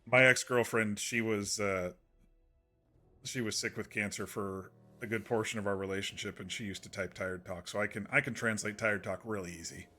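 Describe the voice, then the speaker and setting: Low-voiced, bright soothing male streamer. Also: steady tone, normal speed, soft background music. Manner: soothing, rambling with many restarts. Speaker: game streamer. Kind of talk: casual chat to stream viewers.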